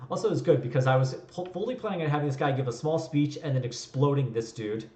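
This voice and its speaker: A man's voice: mid-range voice, fast talker, dark tone, roomy sound. A man running a tabletop game as game master, narrating in a loose, rambling way.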